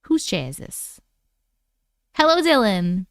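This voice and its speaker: Speaking slowly in a mid-range voice, this woman with an Oklahoma accent hosts a relaxed livestream. She reads chat and vents with exasperated, animated energy, full of swearing and laughs. There's no room sound, just clean studio audio.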